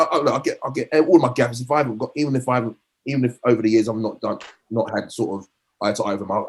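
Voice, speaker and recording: A middle-aged former footballer, speaking in a fairly low voice, tells rambling anecdotes during a podcast interview. He frequently starts over and acts out the quotes he recounts.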